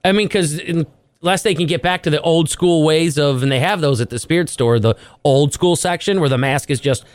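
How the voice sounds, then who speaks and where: A man's voice: on the high side, fairly quick, dry recording. A man co-hosting a morning radio show, joking around and riffing in casual banter. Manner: jokey, animated, cracks bits.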